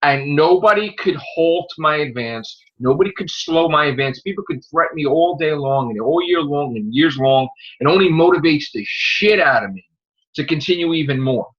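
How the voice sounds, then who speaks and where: A man with a slightly high, expressive voice talks at a normal speed. He's a podcast host getting over an illness, ranting casually in a profane, combative and repetitive way. The audio is muffled and lo-fi.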